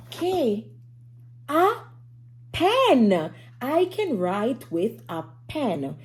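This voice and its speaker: A woman leads a phonics lesson for small children at a slow, careful pace. Her pitch swoops up and down in a lively sing-song, and now and then she hushes to a whisper. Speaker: teacher.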